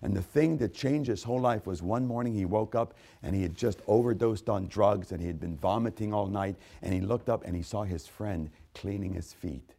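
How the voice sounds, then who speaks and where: A man preaching a sermon, swinging from hushed, intimate storytelling to loud, rising exhortation. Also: normal speed, vocal fry, few pauses. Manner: dramatic swings from hushed to booming. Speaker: pastor.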